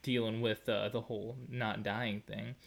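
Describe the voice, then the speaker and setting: A man's voice: fairly low pitch, little pitch movement, a little slow, vocal fry. A man co-hosting a podcast in casual, playful chat, laughing often and breaking into jokey bursts. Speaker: podcast co-host.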